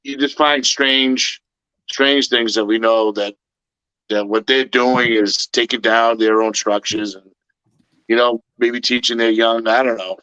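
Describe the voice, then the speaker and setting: Rambling, halting male co-host. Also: medium pitch, steady tone, sharp tone, clear, resonant tone, no echo, muffled recording. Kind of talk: casual storytelling chat.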